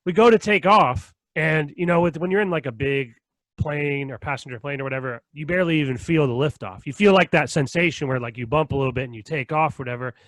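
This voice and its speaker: A young man co-hosting a podcast, telling stories in an animated, profane way with frequent laughs. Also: fairly high pitch, fast, no room sound. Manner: animated storytelling, heavy swearing and laughter. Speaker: podcast co-host. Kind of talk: casual chat.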